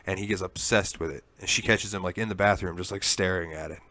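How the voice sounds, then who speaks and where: A man's voice: low voice, quick pace, sharp tone, no echo. A man co-hosting a gaming podcast, telling a long story in casual chat and swearing freely. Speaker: podcast co-host.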